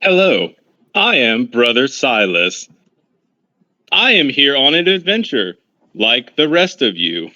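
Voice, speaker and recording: A man doing a slow, solemn monk. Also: mid-range voice, big pitch swings, pushed and bright, lo-fi sound, exaggerated voice.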